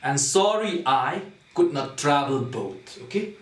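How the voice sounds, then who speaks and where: A male teacher takes a class through poetic meter very slowly and deliberately, repeating each point and pausing to ask "okay?" to check understanding. His voice is fairly high and sing-song, and he sounds distant from the mic in an echoey room.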